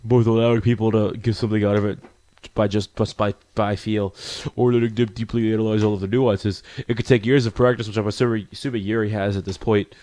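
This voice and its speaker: A man's voice: lowish voice, little pitch movement, fast talker, warm tone, dry recording, lightly acted. A man voicing a confident, friendly teenage girl who leads a club, talking in an encouraging, chatty way.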